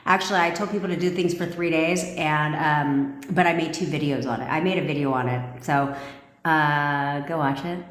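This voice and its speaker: A woman's voice: sits low, fairly even intonation, normal speed. A woman manifestation coach talking on a livestream in a blunt, profane, commanding way. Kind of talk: livestream talk to viewers. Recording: echoey room with long reverb.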